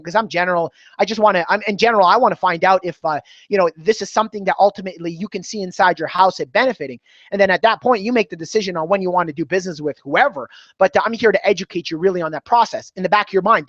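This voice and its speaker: A man's voice: sits high, fairly bright tone, dry recording. A man coaching door-to-door salespeople, talking energetically and acting out short dialogues with customers. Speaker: sales trainer. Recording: dry, slightly dull recording.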